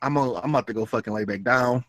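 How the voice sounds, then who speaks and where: A man's voice: medium pitch, very fast, a bit bright. A young man co-hosting a casual livestream chat, swearing freely and laughing often. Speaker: livestream co-host.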